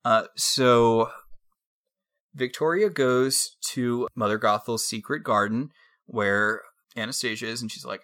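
Give me a co-host on a casual podcast, recapping episodes with dry, wry asides. The voice sits in a middle pitch range. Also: a little slow, fairly bright tone.

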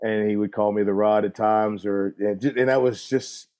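Low, mellow-voiced man telling stories. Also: steady tone, normal speed. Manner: laid-back, folksy, acts out voices in anecdotes. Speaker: musician guest, drummer. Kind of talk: relaxed storytelling interview.

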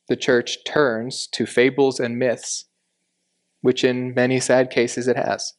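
A man delivers an expository sermon at an even, deliberate pace. He explains scripture point by point and leans on the words he wants to stress. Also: mid-range voice. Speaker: Bible teacher.

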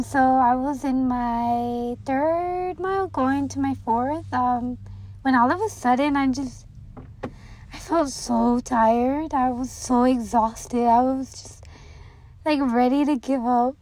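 A woman's voice: sits high, a little mellow, dry recording, low-quality recording. Giggly young woman telling a story. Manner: giggly, lots of "like" fillers. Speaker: student runner. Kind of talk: casual storytelling.

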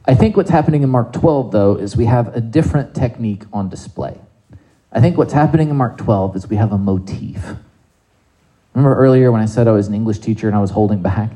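A man preaching a sermon in a conversational, animated way, asking the congregation rhetorical questions. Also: on the low side, brisk, low-quality recording. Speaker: pastor.

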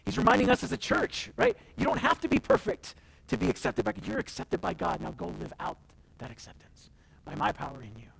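A male pastor preaching a sermon in a church, with passionate delivery that swings between loud declarations and hushed asides, often acting out quoted voices. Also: high-pitched, huge pitch swings, fairly quick, gravelly, rough recording.

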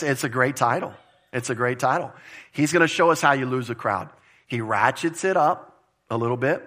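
Bright-voiced man preaching with emphasis. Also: mid-range voice. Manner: conversational, emphatic, repeats phrases for stress. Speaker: pastor. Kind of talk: expository sermon.

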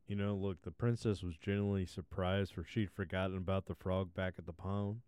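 A man's voice: low-pitched, little pitch movement, fairly quick, a little mellow, clean tone, no room sound. A man hosting a podcast, retelling a fairy tale with crude, profane asides. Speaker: podcast host, storyteller.

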